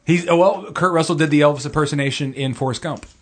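A man's voice: a little high, fast. Man, podcast co-host, swears freely and riffs on films, faint hiss behind. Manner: profane, joking, riffing. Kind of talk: casual movie-review chat.

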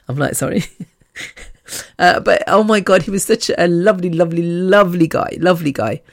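A podcast host in her fifties delivers a chatty, rambling monologue, swearing freely and laughing between sentences. Her voice is fairly low with fairly even intonation at a moderate pace, recorded in clean studio sound with no room sound.

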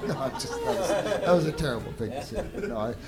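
A middle-aged Canadian man doing a stand-up set, rambling and self-deprecating, tagging lines with "right?". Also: on the high side. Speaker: stand-up comedian. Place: live comedy venue with audience laughter.

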